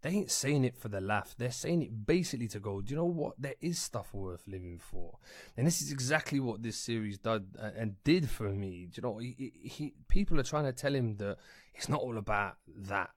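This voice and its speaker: A man's voice: mid-range voice, expressive, a little fast, no echo, clean studio sound. A young man hosting a podcast, chatting casually in a rambling, sweary and heartfelt way. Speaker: podcast host.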